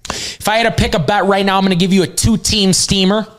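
A man's voice: high-pitched, steady tone, quick pace, a bit bright. A man co-hosting a sports betting podcast with a nasal voice, talking in blunt, profane, joking casual banter.

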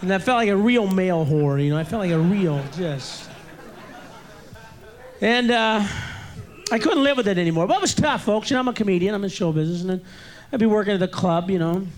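Casting: high-voiced male comic, raw and profane, roaring bursts over a laughing club crowd. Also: expressive, a little fast. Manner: profane, bursts into shouted rants. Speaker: stand-up comedian. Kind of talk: stand-up routine. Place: comedy club stage. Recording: live club recording with audience laughter.

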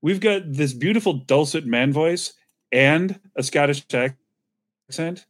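Excited podcast co-host dude, friendly, bit high pitched. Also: male voice, slow. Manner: enthusiastic, friendly banter. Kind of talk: casual podcast chat.

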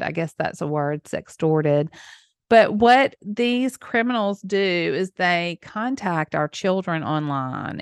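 A woman's voice: lowish voice, clean tone, dry recording. Woman, podcast host, effusive, emotional, dry close mic. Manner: effusive and emotional, with small laughs. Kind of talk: solo podcast monologue.

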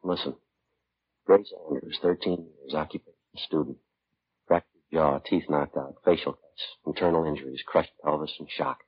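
An actor playing a terse, steady police detective with a clipped, matter-of-fact delivery in an old radio drama. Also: male voice, extremely low pitch, normal speed, breathy edge. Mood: flat. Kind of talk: 1950s radio drama acting. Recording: dull old radio broadcast.

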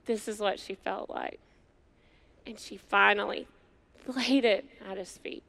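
Bright, clear-voiced woman preaching slowly. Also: medium pitch, steady tone. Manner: earnest, conversational preaching with slow emphatic pauses. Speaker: women's ministry speaker. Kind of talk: sermon to a women's gathering.

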